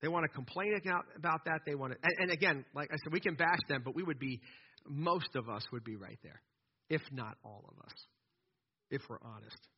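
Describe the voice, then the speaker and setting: A man preaching a sermon in an animated, conversational way, often restarting his sentences. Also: on the high side, fairly quick, slightly rough. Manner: animated, conversational preaching with repeated false starts. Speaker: pastor. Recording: dull lo-fi recording.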